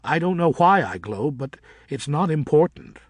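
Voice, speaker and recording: A headstrong young male bat, as a male narrator puts him on, a touch above the reader's usual voice. He sounds earnest and impatient, lively in pitch, with a husky tone. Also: normal speed, dry recording.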